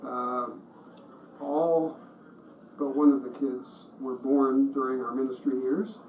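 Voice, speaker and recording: A middle-aged man teaching a group, telling anecdotes in a conversational way with restarts and chuckles. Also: a little high. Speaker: pro-life ministry teacher. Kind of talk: storytelling teaching talk. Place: meeting room with a group. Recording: roomy echo, mic at a distance, faint noise.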